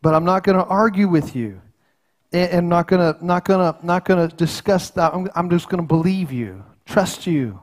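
Folksy middle-aged male pastor, slightly high voice, earnest sermon delivery with frequent restarts. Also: moderate pace. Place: church sanctuary.

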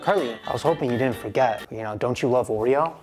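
A man's voice: mid-range voice, fast, darkish tone, soft background music. A young man filming a prank vlog who teases his girlfriend in a mock-stern, playful way.

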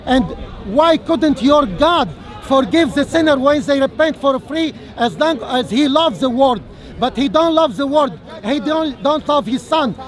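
A man arguing in an open-air religious debate in a park, halting with many fillers and restarts and firing repeated rhetorical questions. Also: very high-pitched, lively intonation. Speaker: street debater. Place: outdoor public speaking corner in a park. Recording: faint crowd chatter outdoors.

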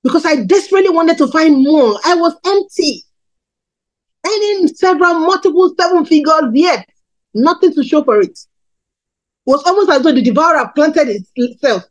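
Woman in her 30s from Nigeria, fairly high voice, candid sermon testimony, swinging pitch. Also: animated, normal speed, rough recording. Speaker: preacher.

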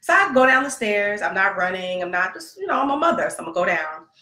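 A woman's voice: medium pitch, quick pace. A woman telling a long personal story about her son, talking casually and acting out the dialogue. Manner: animated, conversational, acts out quoted dialogue. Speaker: podcast host, mother. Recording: roomy echo.

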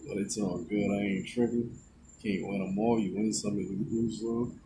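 A man's voice: lowish voice, fairly even intonation, measured pace, noisy background. A man casually narrating as he scratches a lottery ticket, calling out numbers one at a time in an easygoing way.

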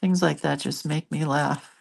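A woman's voice: deep voice, fairly even intonation, measured pace, vocal fry, breathy edge. An older woman chatting casually on a live stream while she draws, telling stories with giggles and asides. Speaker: hand-lettering artist hosting a live stream.

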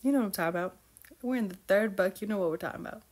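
A woman's voice: mid-range voice, rapid-fire, darkish tone. A young woman chatting casually as she recaps a novel for her book club, gushing and acting out characters' lines.

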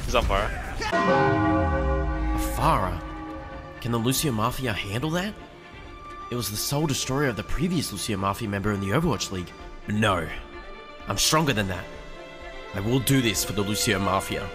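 A young man giving joking, excitable gameplay commentary with sudden shouts. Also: fairly low pitch, normal speed, pauses often. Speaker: gaming streamer. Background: background music.

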